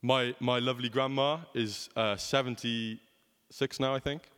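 A man's voice: medium pitch, steady tone, measured pace, a bit bright, clear, resonant tone, in a large hall. A young man preaching a sermon in a conversational way, often asking rhetorical questions.

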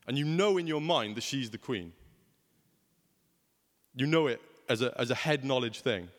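A man's voice: mid-range voice, animated, moderate pace, long reverb tail. A young man preaching a sermon in a conversational way, often asking rhetorical questions.

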